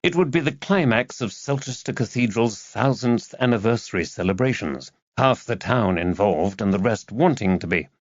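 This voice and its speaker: Male narrator, low voice, expressive, dull dry lo-fi sound. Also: normal speed, hardly any pauses, no room sound. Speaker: audiobook narrator. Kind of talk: scripted narration.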